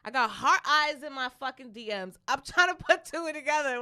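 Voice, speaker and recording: Young adult woman, podcast co-host, bright clear tone, animated, profane, casual chat. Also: high-pitched, brisk, hardly any pauses. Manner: animated, profane, laughing storyteller.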